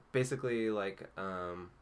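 A man's voice: sits low, slow pace, smooth. A man being interviewed as an actor, chatting casually, laughing often and rambling with fillers. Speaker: actor guest.

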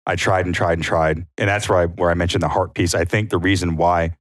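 Deep male podcast co-host, easygoing storyteller, dry close mic. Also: steady tone, fairly quick, no echo. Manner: storytelling, acts out quotes in a higher voice. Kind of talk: casual chat.

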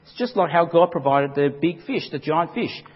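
Husky-voiced preacher in a big echoing hall. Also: male voice, on the high side, lively intonation, moderate pace. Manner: emphatic, dramatic preaching with acted-out quotes. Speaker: pastor. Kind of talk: sermon. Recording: dull lo-fi recording with long hall reverb.

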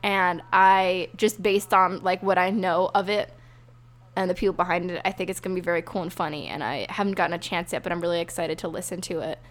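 A woman's voice: fairly low pitch, fairly even intonation, brisk. Playful teasing woman podcaster. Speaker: podcast co-host. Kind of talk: casual chat.

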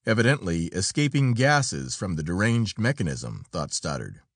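A male narrator reads an adventure story in a dramatic storytelling style. His pitch rises and falls a great deal, and the recording is dry and close with no room echo. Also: sing-song, moderate pace, husky. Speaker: audiobook narrator. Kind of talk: scripted narration.

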